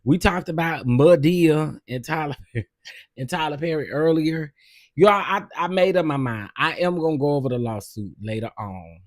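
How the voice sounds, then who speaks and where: A man hosting a casual live stream, greeting viewers by name and chatting in a loose, drawn-out way. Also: on the high side, dry recording, clean studio sound. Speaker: livestream host.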